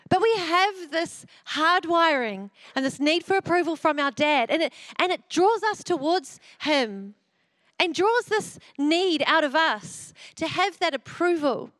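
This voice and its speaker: A middle-aged woman with a high voice preaches a sermon, moving into lively storytelling about her family. The recording is close and dry, with no room sound. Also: a little slow, no room sound.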